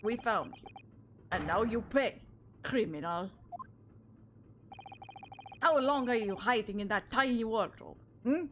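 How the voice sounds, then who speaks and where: Woman putting on a gruff Russian sailor. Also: fairly high pitch, expressive, a little slow, pauses often, a little hiss or hum. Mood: menacing. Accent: put-on Russian. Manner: stern, broken grammar, loud. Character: gruff male Russian ship crewman, accusing. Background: game music.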